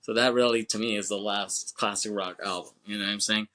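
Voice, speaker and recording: A man's voice: lowish voice, steady tone, fairly quick, bright, forceful tone. A man co-hosting a film podcast, talking in a loose, rambling casual way, with filler phrases and casual swearing. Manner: rambling, frequent "you know what I'm saying". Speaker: podcast co-host.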